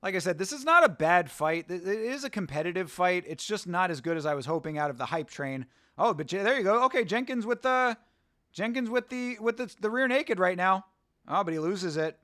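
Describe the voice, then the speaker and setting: A young man from the States hosts a fight watch-along stream, reacting loosely to chat and cursing casually. His voice sits a bit high, and it is recorded close and dry. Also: animated, fairly quick, a bit bright, dry recording. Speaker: livestream host.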